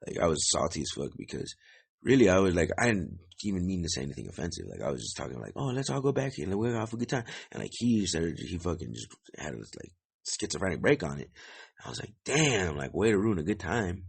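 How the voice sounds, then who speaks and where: A young man hosting a podcast, telling a story in a rambling, profane way with lots of fillers and a gravelly, husky voice. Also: low-pitched, big pitch swings, fairly quick. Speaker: podcast host. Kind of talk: casual storytelling monologue.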